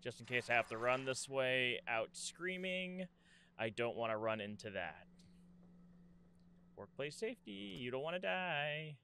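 Brief: young woman gamer, low voice, lively and jumpy, swears a lot, unhurried commentary. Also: slight background noise. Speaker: gaming streamer. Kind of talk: casual horror game commentary.

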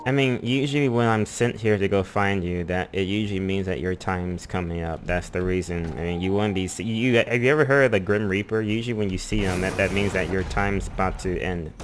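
Excitable young man joking over gameplay. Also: deep voice, brisk, few pauses, noisy background. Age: young adult. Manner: excitable, jokey, rambling with sudden outbursts. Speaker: gaming YouTuber. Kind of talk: casual gameplay commentary. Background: game music and sound effects.

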